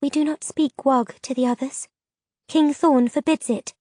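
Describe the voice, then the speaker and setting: A woman's voice: high-pitched, steady tone, moderate pace, a little mellow, dry recording, pitched above the performer's own voice, lightly acted. A woman voicing an anxious female creature, a mother who speaks in an earnest, trembling, formal way, in a fantasy audiobook. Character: anxious grass-covered creature mother, fearful.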